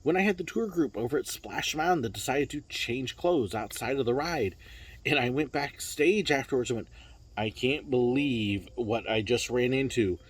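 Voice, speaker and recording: A man's voice: medium pitch, normal speed, slightly rough, low-quality recording. A man who once worked at theme parks, telling backstage stories in a casual monologue and acting out the voices of coworkers and guests. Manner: animated, acts out quoted coworkers and guests. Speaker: former theme park worker sharing stories.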